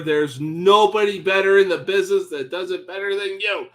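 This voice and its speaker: Male stream commentator, high bright voice, slow drawl, curses constantly at the fighters. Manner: exasperated, swearing, yelling at the fighters. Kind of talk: profane live fight commentary.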